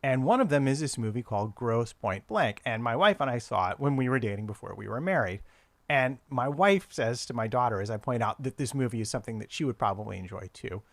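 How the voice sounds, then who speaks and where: A man in his forties co-hosting a casual chat from home over a video call, with a wry, deadpan sense of humor. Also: mid-range voice, fast talker, no echo. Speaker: podcast co-host.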